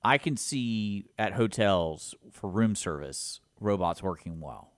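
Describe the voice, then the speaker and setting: A man's voice: lowish voice, animated, slow pace, no echo, clean studio sound. A man co-hosting a community radio talk show, chatting casually in a rambling way, often restarting his sentences and leaning on "I mean" and "like". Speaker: co-host.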